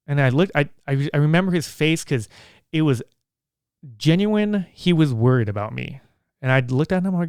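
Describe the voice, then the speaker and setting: A man's voice: on the high side, expressive, a little fast, darkish tone, clear, resonant tone, no echo, studio quality. A man hosting his own podcast, talking in a casual, earnest and rambling way. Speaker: podcast host.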